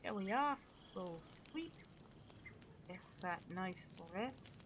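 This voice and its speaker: A woman's voice: mid-range voice, expressive, takes it slowly, fairly bright tone, slight background noise. A tired woman chatting playfully while streaming a game late at night. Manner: chatty, playful, self-mocking. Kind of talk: casual gameplay commentary. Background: game music.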